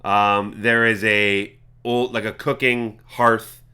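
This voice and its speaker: A man narrating as game master of a tabletop game, talking in halting bursts full of fillers. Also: fairly low pitch, flat delivery, sharp tone, smooth. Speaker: dungeon master.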